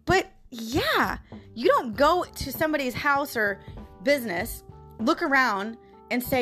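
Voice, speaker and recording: A woman's voice: high voice, big pitch swings, a little slow, a bit bright, soft background music. A woman hosting her own audio blog, venting to her listeners in an emphatic, frustrated way and speaking to them directly. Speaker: podcast host. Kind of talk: casual venting monologue.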